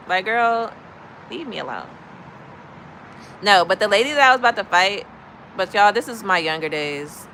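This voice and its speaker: A woman from Chicago tells blunt, gossipy stories to her livestream chat in a bright, forceful voice. Her delivery is animated and casual, speaking into a phone mic with faint outdoor traffic noise behind her. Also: mid-range voice, poor audio. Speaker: livestream host. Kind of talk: casual storytelling to live chat.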